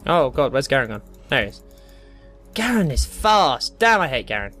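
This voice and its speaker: A man's voice: mid-range voice, moderate pace, faint music behind. A young man giving live gameplay commentary, ranting and swearing as he plays. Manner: ranting, swears a lot, excitable. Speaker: gamer.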